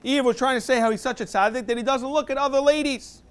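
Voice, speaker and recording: Rabbi type, high smooth male voice, reads text then explains it quick, class review. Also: steady tone, fairly bright tone. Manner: quick mix of read Aramaic and plain English explanation. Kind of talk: talmud class review, reading and translating.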